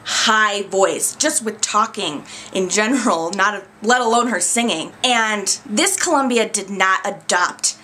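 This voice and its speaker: A woman's voice: medium pitch, a little slow, pushed and bright, a little hiss or hum. A young woman reviewing in a casual, gushing, chatty way as a video host. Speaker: YouTube reviewer. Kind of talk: casual chat.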